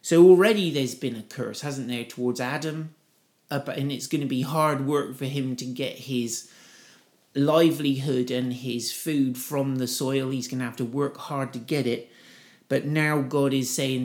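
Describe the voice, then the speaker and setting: A man's voice: mid-range voice, steady tone, measured pace, darkish tone. A middle-aged man preaching in a conversational way, lifting his voice when reading scripture aloud. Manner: conversational, reads scripture with raised voice for quotes. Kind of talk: informal Bible teaching.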